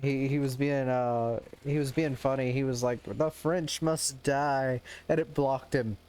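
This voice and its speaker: A male game streamer talking over his live stream in an ordinary middle-pitched voice. He jokes around, laughs often and trips over his words, restarting sentences as he goes. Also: fairly even intonation, moderate pace, dark tone, smooth. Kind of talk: casual live-stream chat.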